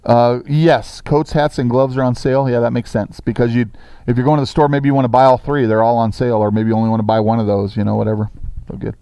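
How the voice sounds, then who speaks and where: A middle-aged man teaching a sixth-grade language lesson in a classroom, brisk and encouraging, reading sentences slowly for students to copy. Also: mid-range voice, flat delivery, mellow, smooth, no echo.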